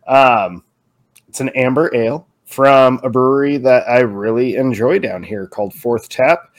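A man's voice: mid-range voice, measured pace. A man co-hosting a podcast, chatting casually and laughing along. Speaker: podcast co-host. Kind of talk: casual chat.

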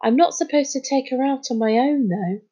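A woman's voice: high-pitched, normal speed, dark tone, slightly rough, lo-fi sound, pitched above the performer's own voice. A woman reading a storybook, voicing a blunt, cocky young boy who is proud of his boat. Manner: blunt, boastful.

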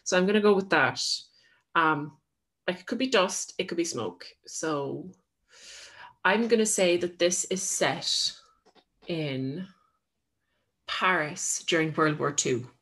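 A woman's voice: on the low side, slow pace, long pauses, fairly bright tone, breathy edge. A woman co-hosting a casual podcast, making up a story as she goes with lots of fillers. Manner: rambling, filler-heavy storytelling. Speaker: podcast co-host.

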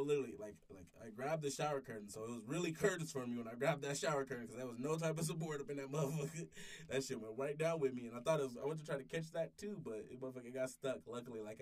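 A man's voice: medium pitch, a little mellow, recorded from a distance. A man in his twenties telling a long story in casual chat, rambling and swearing, with many restarts. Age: 20s. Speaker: podcast storyteller. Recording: voice sits back from the mic.

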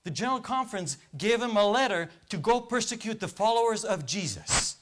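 Male preacher, high-pitched, interactive call-and-answer delivery to a congregation. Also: sing-song, fairly quick, a bit bright. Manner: questions the congregation and waits for answers. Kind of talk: interactive sermon. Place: church.

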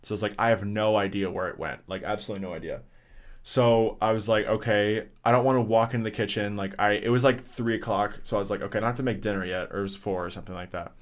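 A man's voice: on the low side, steady tone, fast talker. A young man casually telling a rambling story on a podcast, swearing often and full of fillers and restarts. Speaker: podcast co-host.

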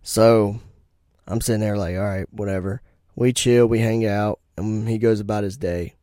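A man's voice: on the low side, flat delivery, normal speed, warm tone, no room sound, studio quality. A young man telling personal stories as a podcast host, in a blunt, profane and rambling way. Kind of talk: casual storytelling monologue.

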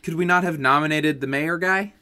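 A man co-hosting a casual film podcast, emphatic and quick to react. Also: on the high side, pushed and bright. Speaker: podcast co-host.

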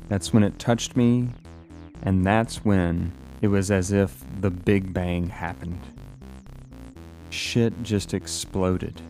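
A man with a low, gravelly voice tells a personal story in a halting way, doubling back on his words. His tone is dark and mellow. Faint music plays behind him. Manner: halting, repeats words, emotional retelling.

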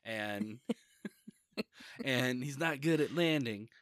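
A man's voice: mid-range voice, lively intonation, drawn-out words, a bit bright, dry recording. Chatty man reviewing a movie. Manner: chatty, laughs often, enthusiastic about comics. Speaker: podcast co-host. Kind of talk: casual movie review chat.

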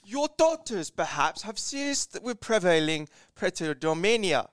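Man doing a stuffy vintage reporter, pretentious and declamatory, smooth dry voice. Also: high-pitched, big pitch swings, a little slow, no room sound. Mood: pompous. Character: pompous old-fashioned male newspaper reporter. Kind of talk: dramatic reading of an old quote.

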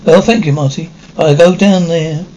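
An older actor playing a melancholy aging stage star in a 1950s television drama, talking in a wistful, theatrical way. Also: male voice, fairly high pitch, steady tone, moderate pace, mellow, close to an everyday voice, low-quality recording. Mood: weary, melancholy. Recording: faint hiss of an old TV soundtrack.

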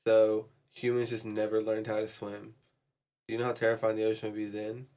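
A man's voice: fairly low pitch, completely flat delivery, brisk, a little mellow. A man co-hosting a podcast, chatting casually, agreeing a lot and musing with swear words. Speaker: podcast co-host. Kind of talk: casual chat.

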